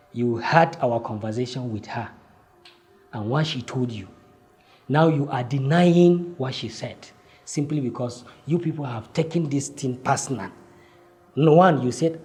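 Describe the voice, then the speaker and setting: A man telling his own life story, acting out heated exchanges with lively swings in voice. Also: medium pitch. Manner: animated, acts out heated exchanges. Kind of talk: personal storytelling.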